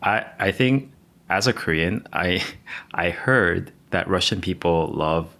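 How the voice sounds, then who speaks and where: Podcast co-host, a man with a low, lively voice, lighthearted in his questions. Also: slow pace, creaky. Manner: lighthearted, soft backchannels. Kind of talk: casual interview.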